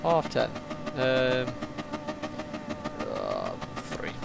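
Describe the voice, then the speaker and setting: This sim racing streamer talks at medium pitch, but his pitch swoops wildly, his words stretch out, and his voice is creaky. He narrates his own race live, reads chat, and mutters asides while driving as the game's engines roar in the background.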